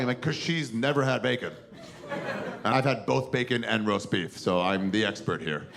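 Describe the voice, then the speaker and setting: A man in his forties doing a crude, animated stand-up comedy set on a theater stage, acting out characters as he tells stories. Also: medium pitch, normal speed, creaky, a crowd in the background. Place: theater stage before a live audience. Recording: noisy live room with audience laughter.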